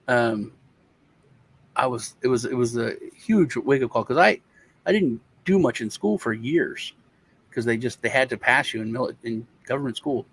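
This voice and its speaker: A man's voice: mid-range voice, a bit bright, husky, poor audio. Rambling American man telling a story. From United States. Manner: rambling, halting storyteller with many restarts and fillers. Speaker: co-host telling a childhood story. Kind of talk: casual chat.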